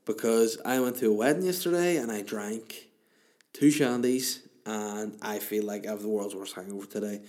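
A man's voice: fairly low pitch, normal speed, a little mellow. A man, hosting a casual chat show and answering listener questions in a rambling, crude, self-mocking way.

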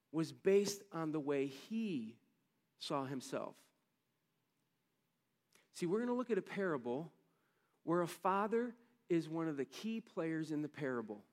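A man's voice: sits high, in a large hall. A man preaching a sermon as a pastor, conversational and building to emphatic bursts.

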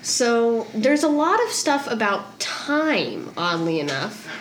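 A woman's voice: a little high, very animated, slow pace, slight background noise. A woman running a tabletop role-playing game as game master, narrating in a casual, giggly way that easily gets sidetracked. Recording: roomy echo.

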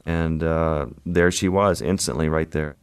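A man, a photographer guest, recounting an encounter in a measured, vivid interview style. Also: a bass voice, fairly even intonation. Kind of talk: interview storytelling.

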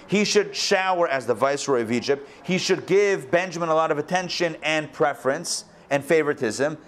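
A man teaching a live Torah class as a rabbi, telling the story with lively, acted-out lines. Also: a little high, moderate pace. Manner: animated storytelling, acts out quoted lines. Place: school hall, recorded live.

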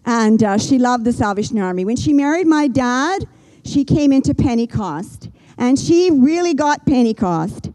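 An older woman delivers a sermon in an earnest, gentle way. Her voice sits slightly high but sounds mellow and warm. She slows down and pauses to let key lines land. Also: poor audio. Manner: earnest, gentle preaching with slow emphatic pauses. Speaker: pastor.

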